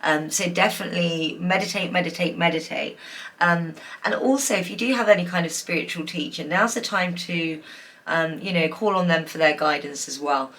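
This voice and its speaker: A woman's voice: fairly low pitch, normal speed, fairly bright tone. A woman giving a pick-a-card tarot reading, emotional and gushing, with many fillers. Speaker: tarot reader.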